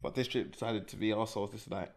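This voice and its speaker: A man's voice: on the low side, steady tone, very fast. A man, telling a story in casual podcast chat and laughing through the punchlines. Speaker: podcast co-host.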